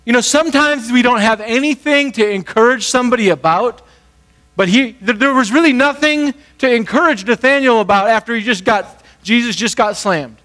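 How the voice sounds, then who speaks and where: A man preaching a sermon as pastor, talking conversationally and briefly acting out the people in the story. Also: very high-pitched. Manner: conversational, animated, acts out quick voices.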